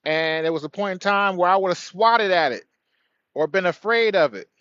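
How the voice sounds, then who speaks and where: A man's voice: sits high, expressive, moderate pace, fairly bright tone, lo-fi sound. A man hosting an outdoor spiritual livestream, speaking earnestly and greeting viewers by name. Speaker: livestream host. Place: outdoors by a tree.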